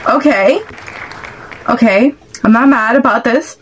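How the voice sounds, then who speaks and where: Lady doing a reaction vid, high squeaky voice, kinda slow between bits, cusses a lot, little bit of hiss. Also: a faint crowd, low-quality recording. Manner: excitable and exclamatory, swears freely. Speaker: reaction video host. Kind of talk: casual reaction commentary.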